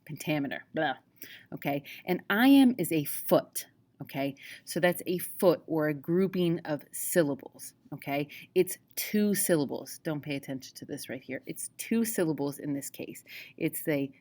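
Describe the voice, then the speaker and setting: Low-voiced teacher woman, chatty lecture. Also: a little mellow. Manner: casual, chatty, frequent "okay?" check-ins. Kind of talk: classroom lecture on poetry.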